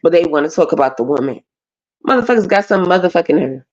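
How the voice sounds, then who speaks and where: A woman's voice: on the low side, expressive, quick pace, a little mellow. A woman, ranting bluntly and profanely as a panelist on a live stream. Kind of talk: casual rant on a live panel. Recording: dull lo-fi stream audio.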